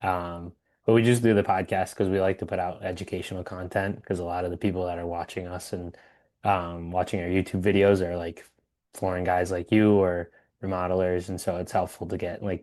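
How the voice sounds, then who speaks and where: A twenty-year-old man hosts a podcast in a very deep, even-toned voice that barely rises or falls. He keeps things easygoing and steady, backing up his guest with short affirmations. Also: moderate pace. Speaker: podcast host. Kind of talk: casual interview.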